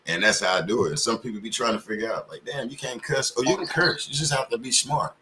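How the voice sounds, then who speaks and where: A man's voice: fairly low pitch, sing-song, quick pace, noisy background. A man in casual panel talk, telling loose, profane stories full of slang. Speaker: community panelist.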